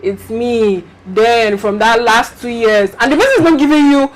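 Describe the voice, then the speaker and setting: A woman's voice: fairly high pitch, a little fast. A young woman hosting a casual chat show, telling stories animatedly and acting out the messages she gets. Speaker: host.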